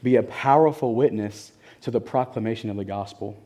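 Man telling a lively sermon story. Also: lowish voice, a little fast. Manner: animated, laughs while telling story. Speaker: church speaker giving testimony.

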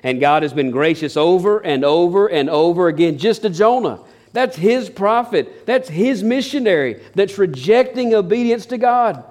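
A man delivers a sermon, animated and folksy, with a slightly raised pitch for a man. He mixes humor with scripture and swings from big, lively stretches to quiet asides. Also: normal speed. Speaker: pastor.

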